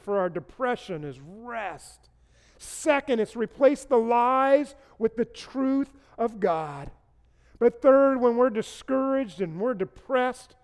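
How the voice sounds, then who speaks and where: A man's voice: very high-pitched, darkish tone. A man preaching a sermon to an online congregation, earnest and repetitive, asking his listeners question after question. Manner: earnest, asks the listeners rhetorical questions and repeats key phrases. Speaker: pastor. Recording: long reverb.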